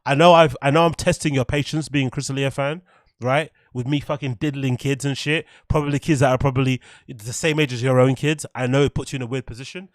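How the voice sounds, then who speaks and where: A man's voice: mid-range voice, fairly even intonation, brisk, no echo, clean studio sound, close to an everyday voice. A man mocking a smug, sleazy comedian. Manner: mocking, sarcastic.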